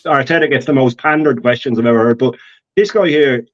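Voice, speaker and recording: A man's voice: medium pitch, fairly quick, dull audio. A man calling into a live fan show, ranting with scorn and repeating himself. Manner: scornful, rambling rant. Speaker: guest on a call-in show. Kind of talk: casual call-in chat.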